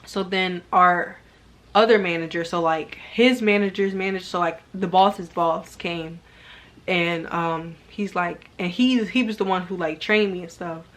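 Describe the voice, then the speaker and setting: A woman's voice: lowish voice, steady tone, unhurried, fairly bright tone. A young woman telling a personal story to camera in a casual, rambling way, filling her sentences with "like" and sounding earnest and subdued. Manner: rambling, heavy use of "like" as filler. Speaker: vlogger.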